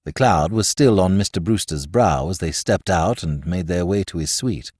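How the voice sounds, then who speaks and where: A man narrating a classic story as a scripted audiobook, with an expressive, varied delivery. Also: deep voice, moderate pace, husky, no echo, studio quality.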